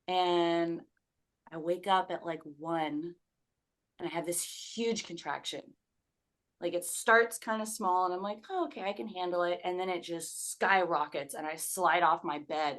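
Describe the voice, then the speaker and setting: A woman's voice: lowish voice, fairly even intonation, a little slow, fairly bright tone. A woman telling a personal story as a podcast guest, casual and candid, swearing freely and acting out her own past remarks.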